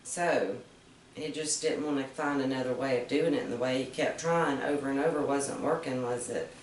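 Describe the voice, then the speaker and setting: A woman reading fables aloud to children, gently explaining each moral with questions to her listeners. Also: rumbling low, steady tone, normal speed, a little hiss or hum. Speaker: storyteller. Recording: roomy, distant mic.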